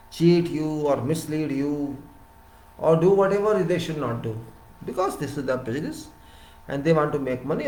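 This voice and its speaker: Emphatic Indian English man, echoey room. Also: mid-range voice. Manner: emphatic, repeats words, swings between loud and soft. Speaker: civil engineer giving a talk. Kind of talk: lecture-style monologue.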